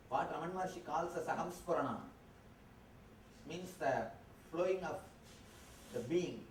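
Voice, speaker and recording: A man as a spiritual teacher leading a guided meditation in a convention hall, giving calm instructions in slow, short phrases. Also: on the high side, slight background noise. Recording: roomy hall, distant mic, faint ambience.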